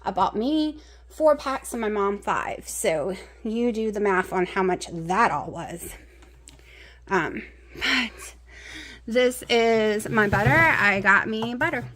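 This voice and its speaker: A woman chatting casually in a home vlog, rambling and bursting into excitement, filmed on a handheld camera. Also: mid-range voice, slow. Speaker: vlogger. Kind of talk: casual chat.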